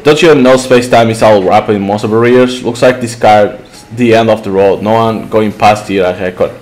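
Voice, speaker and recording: A man reading the lines of a cowgirl woman with a folksy drawl, in his own low voice. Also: fairly even intonation, moderate pace, darkish tone, natural voice.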